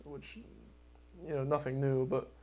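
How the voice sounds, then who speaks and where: A man hosting a podcast in casual chat, rambling and animated, laughing often and swearing freely. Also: mid-range voice, measured pace. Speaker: podcast host.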